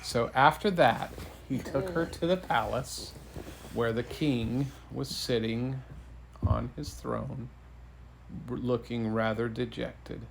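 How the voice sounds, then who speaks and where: A man improvising a playful bedtime story for his child, unhurried and full of puns. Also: mid-range voice, creaky, slight background noise, low-quality recording. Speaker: parent telling a bedtime story.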